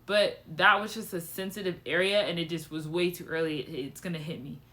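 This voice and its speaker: A young woman talks straight to camera in a casual personal vlog. Her voice is bright and forceful, and her pitch jumps up for emphasis. She is candid and animated, with frequent swearing. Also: fairly quick. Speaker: vlogger.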